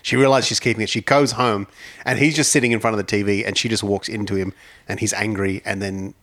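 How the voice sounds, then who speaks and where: A man's voice: on the low side, fast talker. A man co-hosting a podcast, teasing his partner in casual chat and laughing often. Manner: teasing, lively banter with laughter. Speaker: podcast co-host.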